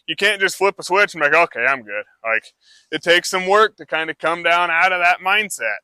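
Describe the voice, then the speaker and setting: A man's voice: high-pitched, moderate pace, sharp tone, clean tone, dry recording. A man who trains horses, talking a live audience through a demonstration in a casual, rambling way full of fillers.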